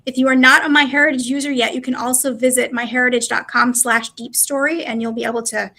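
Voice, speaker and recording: A woman's voice: high voice, fairly even intonation, quick pace, pushed and bright. A woman presenting a live webinar walkthrough, chatty and explanatory, with frequent fillers. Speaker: presenter of a live product demo.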